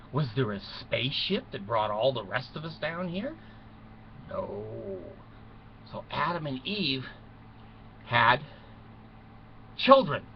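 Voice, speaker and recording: A man telling a mock bedtime story to children in a folksy, rambling way, full of chuckles and asides. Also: medium pitch. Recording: muffled recording with faint noise.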